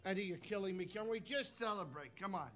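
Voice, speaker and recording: An actor playing a harried middle-aged man, gruff and exasperated, in a film scene. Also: sits high, lively intonation, fast talker, fairly bright tone. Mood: pleading. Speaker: film character.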